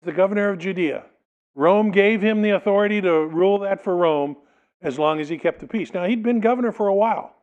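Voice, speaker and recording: A man's voice: sits high, fairly quick, a little mellow, highs cut off. A male pastor preaching a sermon, reading a passage aloud and explaining it, sometimes acting out the people in it. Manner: expository preaching, reads scripture then explains it, dramatizes quotes.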